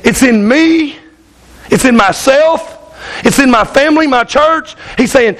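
High-voiced emphatic preacher man. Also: measured pace, a bit bright, low-quality recording. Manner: emphatic, repetitive, keeps asking "Amen?". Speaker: pastor. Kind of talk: sermon.

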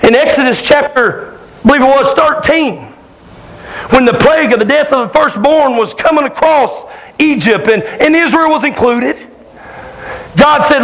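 High-pitched hollering preacher man. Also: normal speed, pauses often, rough recording. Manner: loud, hollering Southern-style preaching with call-outs to the congregation. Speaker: pastor. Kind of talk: fiery sermon. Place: church sanctuary with congregation.

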